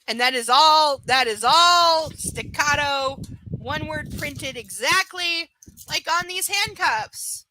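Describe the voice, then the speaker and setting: A woman's voice: high-pitched, expressive, slow pace, bright, forceful tone, slight background noise, low-quality recording. A woman reading a romance novel aloud to a live audience, breaking off for frank, profane asides. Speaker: live book reader. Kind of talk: live reading with blunt commentary.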